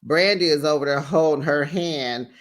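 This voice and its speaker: A host casually recapping a reality TV episode, animated and sassy, tossing in "child" and "honey". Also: mid-range voice, normal speed. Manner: animated and sassy, quotes cast members; colloquial, says "child" and "honey".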